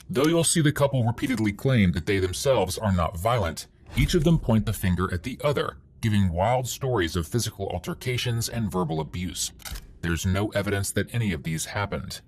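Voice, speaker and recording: A man's voice: fairly low pitch, creaky, a little hiss or hum. A man narrating a true-crime video in a dry, sardonic scripted voice.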